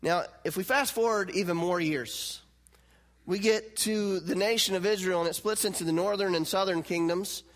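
A man with a high voice preaches a sermon, talking loosely and laughing as he goes. When he voices God's words he builds in intensity. A long reverb hangs on his voice, as in a church hall. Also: normal speed. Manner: conversational, laughs often, plays out God's lines with rising intensity.

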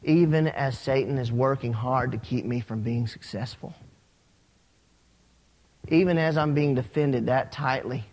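A man preaching a sermon as a pastor, telling stories with animated, rising emphasis. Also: mid-range voice, a little slow, long pauses. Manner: animated storytelling, rising when excited. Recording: long hall reverb.

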